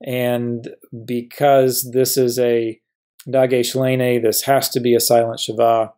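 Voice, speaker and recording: In a slow, steady-pitched delivery, a man who teaches as a professor explains a point of grammar. He takes each example with patience and answers the very questions he asks.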